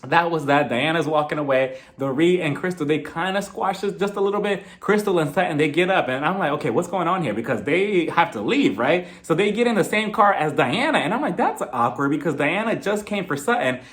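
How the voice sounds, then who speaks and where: A man's voice: a little high, expressive, brisk, few pauses, fairly bright tone. A man giving casual, frank commentary on a reality TV episode. He swears freely and laughs often. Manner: frank, profane, laughing, gossipy. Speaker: TV review host.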